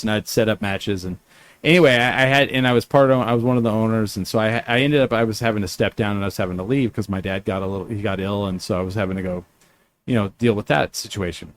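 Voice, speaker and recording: A man's voice: on the low side, quick pace. A man hosting a casual chat, telling a story with lots of fillers and restarts. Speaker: podcast host.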